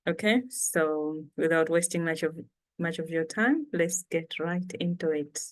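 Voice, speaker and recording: A woman's voice: low voice, unhurried. A woman from Malawi teaching vocabulary in a casual lesson, patiently repeating each word for learners. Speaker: language teacher.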